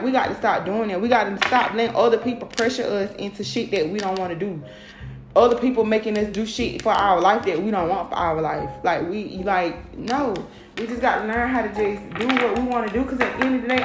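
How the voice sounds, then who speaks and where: She's a woman venting to her viewers, frank and foul-mouthed, hammering her points hard. Her voice bounces around a roomy space. Soft music plays underneath. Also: fairly high pitch. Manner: blunt, profane, emphatic. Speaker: vlogger. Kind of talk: casual monologue rant. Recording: roomy echo with faint music.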